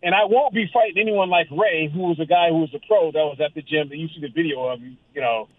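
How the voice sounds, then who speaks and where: A man's voice: fairly high pitch, fast, no room sound. Rambling man on a tinny phone line. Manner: rambling, storytelling. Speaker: guest amateur boxer. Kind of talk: casual chat.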